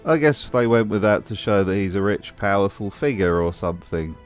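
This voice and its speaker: A man narrates his commentary with dry, teasing mockery. His voice sits a little low but swings widely in pitch. Faint music plays behind him. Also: animated, brisk. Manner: dry, mocking. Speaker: video essay host. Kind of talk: scripted commentary voice-over.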